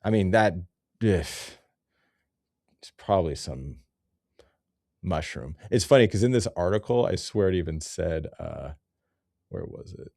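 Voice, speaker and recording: A man's voice: sits low, expressive, unhurried, vocal fry, pauses often, dark tone, no room sound, clean studio sound. A man hosting a rambling, profane comedy commentary over nature photos, easily sidetracked and loose in his talk. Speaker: host.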